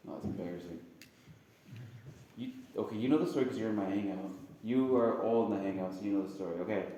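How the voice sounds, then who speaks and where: Priest giving an animated homily in an echoey room. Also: male voice. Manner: chatty and animated, bursts into high-pitched sound effects and jokes with the audience. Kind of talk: casual spoken homily.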